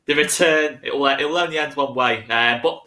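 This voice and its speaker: Bright-voiced man hosting football chat. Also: mid-range voice, a little fast. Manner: chatty, repeats "to be fair". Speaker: host.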